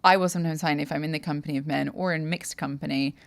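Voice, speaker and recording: A young adult woman co-hosting a podcast, talking thoughtfully in a halting way and often restarting her sentences. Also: low-pitched, steady tone, vocal fry. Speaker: podcast co-host. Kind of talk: casual podcast conversation.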